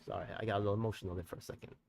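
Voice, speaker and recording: A live-stream host and community activist with a fairly low, steady, creaky and darkish voice rants heatedly, swearing and rambling in street slang. He keeps turning to viewers with quick tag questions, and the distant mic catches slight background noise.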